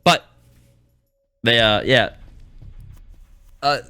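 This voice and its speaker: A man's voice: mid-range voice, extremely slow, bright, forceful tone, clear, resonant tone, soft background music. A man streaming a visual novel, reading its text aloud and breaking off into rambling, joking commentary. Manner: rambling, joking, with many restarts. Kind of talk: casual let's-play commentary and reading aloud.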